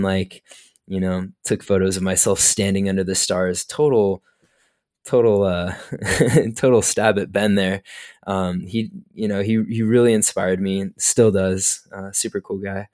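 A man's voice: deep voice, steady tone, normal speed, darkish tone. A man chatting casually about photography, laid-back, saying "dude" and "like" a lot and laughing easily. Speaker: podcast guest photographer. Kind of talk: casual chat.

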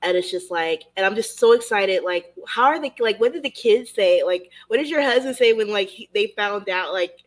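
A woman's voice: medium pitch, animated, normal speed, hardly any pauses. A woman hosting a podcast interview, gushing and emotional, talking in a loose casual way with lots of fillers. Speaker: podcast host.

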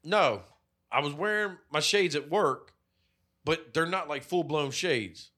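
A man's voice: on the high side, expressive, measured pace, sharp tone. A man in his thirties co-hosting a podcast, telling rambling, profane stories full of fillers in casual chat. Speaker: podcast co-host.

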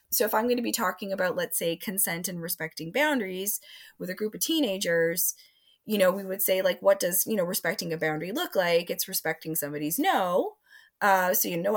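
A woman who is a sex educator and relationship coach, talking in an interview, with lively delivery and frequent acted-out quotes. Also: mid-range voice, a little fast. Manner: expressive, acts out quoted voices. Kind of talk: animated interview talk.

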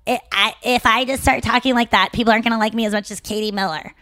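A woman's voice: fairly high pitch, fast, dry recording. Chatty woman podcast cohost, rambly storytelling, dry close mic. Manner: rambling, animated storytelling with self-interruptions. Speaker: podcast co-host. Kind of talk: casual chat.

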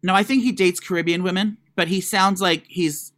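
A man co-hosting a podcast, chatting and gossiping in an animated way, stammering and swearing, with lots of fillers. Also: sits high, moderate pace. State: congested, has to blow his nose. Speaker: podcast co-host. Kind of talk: casual gossip chat.

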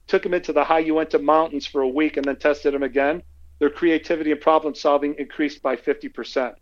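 A male podcast guest telling animated stories and acting out the quotes in them. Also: a little high, a little fast, muffled recording. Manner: animated anecdotes, acts out quotes. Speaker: guest speaker. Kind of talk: conversational storytelling.

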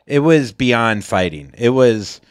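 A man's voice: slow pace, clean tone, no room sound, studio quality. A male comedian co-hosting a podcast, joking casually and expressively. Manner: jokey, expressive, swings pitch widely. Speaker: stand-up comedian, co-host.

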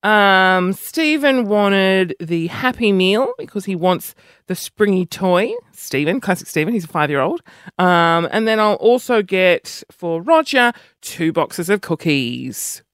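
A man's voice: sits high, expressive, slow, fairly bright tone, clear, resonant tone, no echo, clean studio sound. A man with an Australian accent, chatting in a rambling, self-mocking vlog monologue that jumps between topics. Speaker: vlogger. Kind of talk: casual monologue to camera.

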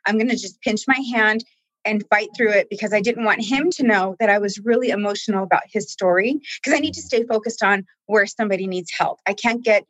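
A woman in a conversational interview, speaking earnestly and with deep feeling about the people she helps. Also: fairly quick, no echo, rough recording. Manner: heartfelt, tearful at times, earnest. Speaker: staff member guest.

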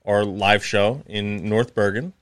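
A man's voice: on the low side, takes it slowly. A man co-hosting a podcast, chatting casually with fillers and laughs, then reading a book summary aloud. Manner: relaxed, rambling, laughs often, many fillers. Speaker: podcast co-host.

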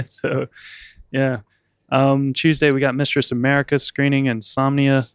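A man's voice: mid-range voice, little pitch movement, slow pace, clear, resonant tone, no room sound, clean studio sound. A man co-hosting a podcast in casual, rambling chat, often laughing. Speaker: podcast co-host.

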